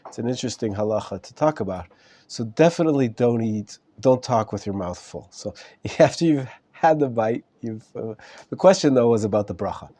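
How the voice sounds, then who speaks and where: A man's voice: medium pitch, expressive, fairly quick, dark tone. A man, a rabbi, teaching a live class in a casual, chatty way and joking with his students, his voice not at full strength while recovering from an illness.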